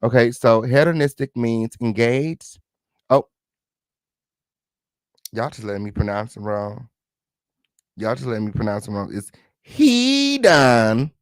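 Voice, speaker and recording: A man's voice: on the low side, steady tone, measured pace, long pauses, dry recording, clean studio sound. A man hosting a live reaction commentary, sassy and chatty, talking straight to his viewers and repeating his catchphrases. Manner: repeats catchphrases, mock-dramatic asides. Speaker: host reacting to news.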